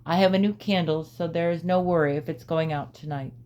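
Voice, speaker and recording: A woman's voice: low voice, fairly even intonation, fairly quick, warm tone, a little hiss or hum, lightly acted. A woman reading the lines of a lovesick, tearful teenage girl in a storybook. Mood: pleading.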